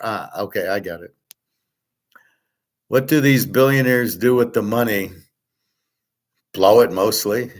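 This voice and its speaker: A man teaching a relaxed online class, blunt and profane, rambling with restarts and answering viewers' chat. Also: lowish voice, measured pace, long pauses. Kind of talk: casual livestream lecture.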